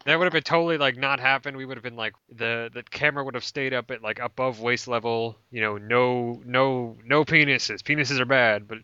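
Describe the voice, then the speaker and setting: A man's voice: medium pitch, steady tone, fairly quick, hardly any pauses, pushed and bright, clean tone, no echo, dull audio. A man co-hosting a casual movie review podcast, blunt and joking, with plenty of swearing. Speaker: podcast co-host.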